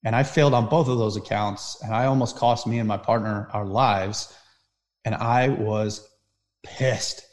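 A man's voice: lowish voice, fairly even intonation, a little slow. Intense man telling a personal story. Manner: intense, vivid, swings from loud to hushed. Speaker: podcast guest.

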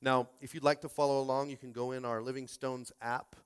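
A man's voice: mid-range voice, flat delivery, brisk, smooth. A man preaching a Sunday sermon as pastor, stumbling over repeated words and rallying his listeners.

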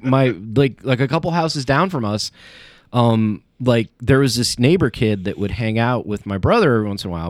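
A man's voice: medium pitch, no room sound, studio quality. A man chatting casually on a podcast, rambling with many fillers and restarts as he tells stories. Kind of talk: casual chat.

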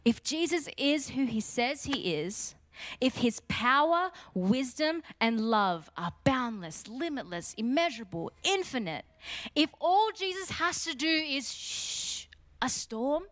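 Woman preacher, fairly high-pitched, emphatic teaching sermon with call-and-response questions. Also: fairly bright tone.

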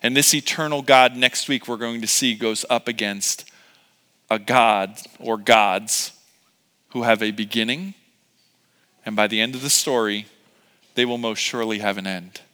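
A man's voice: fairly low pitch, fairly even intonation, unhurried, pauses often, pushed and bright, clean tone, in a large hall. A middle-aged man preaching a sermon as pastor, in a casual, joking, conversational way with many fillers.

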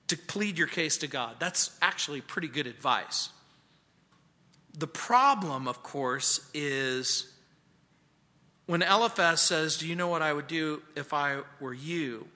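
A man's voice: fairly high pitch, bright, forceful tone. Man preaching in an echoing church. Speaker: pastor. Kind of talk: verse-by-verse sermon. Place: church sanctuary.

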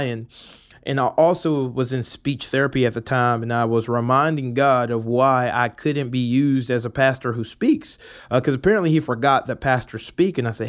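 A man who is a teaching pastor, telling a personal story on a podcast in a candid, animated way with playful asides. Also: medium pitch, moderate pace.

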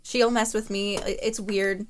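A woman's voice: mid-range voice, little pitch movement, a little slow. A woman with a mid-range voice chats casually, rambling with frequent fillers. A faint hiss of noise sits under her voice. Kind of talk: casual chat.

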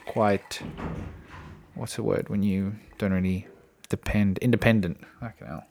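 A man's voice: on the low side, steady tone, unhurried, creaky, a little mellow. A man hosting a casual solo podcast, rambling chattily from topic to topic with frequent fillers and restarts, recorded indoors at home. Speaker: podcast host.

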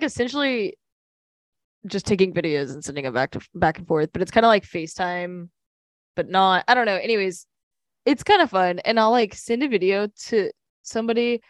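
A woman's voice: mid-range voice, lively intonation, brisk, no room sound, studio quality. A young woman co-hosting a podcast in casual chat, rambling with lots of fillers. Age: young adult. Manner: chatty, fillers, laughs often. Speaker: podcast co-host.

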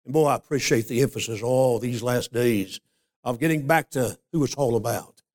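An older man preaching a sermon, a folksy storyteller who slows down to stress scripture. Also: mid-range voice, a little mellow. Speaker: pastor.

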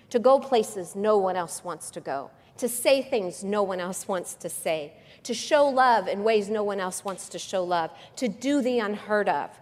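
A woman preaching a sermon with passion, swinging from hushed, quiet passages to loud, lively ones. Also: medium pitch. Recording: long reverb of a large hall.

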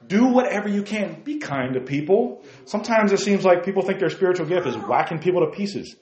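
A man's voice: sits high, expressive, a little fast, a little mellow, reverberant. A man preaching a sermon as pastor, talking in a conversational way and asking the congregation questions.

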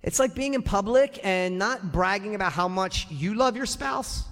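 A male pastor preaching an animated sermon to his congregation, often acting out the people in his stories. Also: high voice, moderate pace. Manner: animated, acts out quoted voices, addresses the congregation directly. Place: church sanctuary. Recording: long church reverb.

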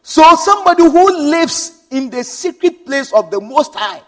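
A man preaches a sermon in a slow, deliberate way, stretching his phrases for emphasis. His voice sits strikingly high and swings widely in pitch. He breaks into chuckles along the way. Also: sing-song, fairly bright tone, in a large hall. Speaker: pastor.

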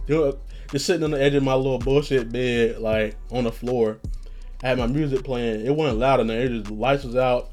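A man's voice: medium pitch, darkish tone. A man hosting a podcast who tells stories in a rambling, profane way and laughs at his own jokes. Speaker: podcast host. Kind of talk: casual storytelling.

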